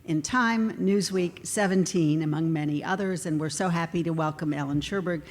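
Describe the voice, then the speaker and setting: A woman's voice: lowish voice, moderate pace. A woman hosting an awards ceremony, reading introductions of inductees and adding chatty asides. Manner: warm, chatty asides between scripted lines. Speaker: ceremony emcee. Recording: long hall reverb, faint background noise.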